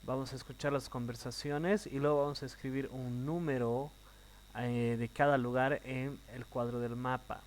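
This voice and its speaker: A man's voice: medium pitch, steady tone, slight background noise, poor audio. Man teaching English. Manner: explains slowly, repeats in Spanish. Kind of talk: classroom explanation, switching to Spanish.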